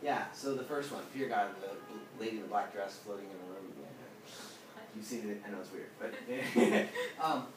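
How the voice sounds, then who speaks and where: A man's voice: fairly low pitch, normal speed, music in the background. A man teaching a small group from the Bible. He talks casually and questions his listeners, and he acts out quotes with big changes in his voice. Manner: animated, asks the room questions, acts out quotes. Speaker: pastor. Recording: echoey room, mic at a distance.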